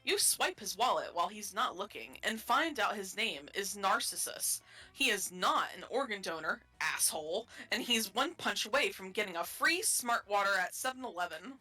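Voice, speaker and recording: A woman's voice: mid-range voice, very animated, moderate pace, sharp tone, husky, soft background music. A woman streamer reading game text aloud playfully, laughing often.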